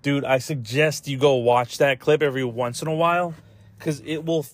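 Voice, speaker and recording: A man hosting a podcast chats loosely, swearing and rambling through fillers as he chokes up near tears. His voice sits at an everyday middle pitch with fairly even intonation and a moderate pace. The sound is dry and close, with no room echo.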